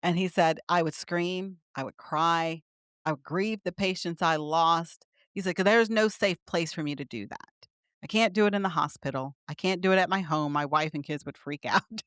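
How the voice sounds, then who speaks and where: A woman's voice: fairly low pitch, normal speed, a bit bright, no echo, clean studio sound. A middle-aged woman, a physician guest, explaining ideas earnestly in conversation with light laughs. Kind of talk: conversational interview.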